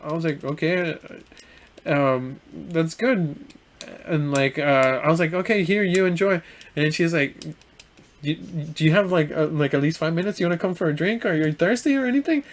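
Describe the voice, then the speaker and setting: A young man co-hosting a casual podcast, telling a story in halting bursts with many restarts, acting out the other person's lines. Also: a little high. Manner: halting, full of restarts and fillers, acts out quoted lines. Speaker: podcast co-host.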